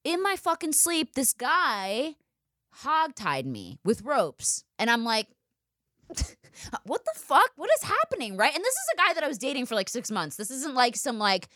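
Animated, profane young woman storyteller. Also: a little high, normal speed, no echo, clean studio sound. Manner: profane, animated, full of asides like "okay?". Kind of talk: comic storytelling in casual chat.

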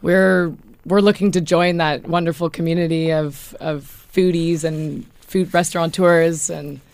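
A woman's voice: sits low, steady tone, unhurried, gravelly, darkish tone, clear, resonant tone, no echo. A woman, a restaurant guest on a radio show, politely describing her food. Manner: polite, friendly, explanatory. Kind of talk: radio interview.

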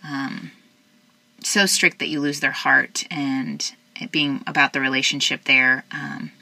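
A woman hosts an interview with an affirming, heartfelt manner. Her voice sits low but has a very bright tone. The sound is dry and close. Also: steady tone, measured pace, vocal fry, dry recording. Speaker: podcast host. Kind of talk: casual interview chat.

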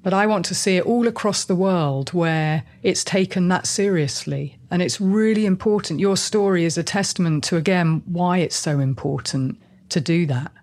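A woman's voice: on the low side, normal speed, few pauses, darkish tone. A woman hosting an interview, speaking earnestly and emphatically. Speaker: interview host and advocate. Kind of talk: interview commentary.

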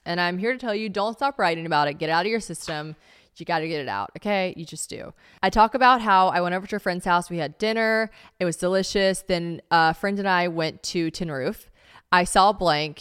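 Young woman podcast host, slightly low voice, chatty and rambling, peppers everything with "like". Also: clean tone. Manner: chatty, rambling, heavy use of "like", self-mocking asides. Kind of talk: casual solo podcast, reading old diary aloud.

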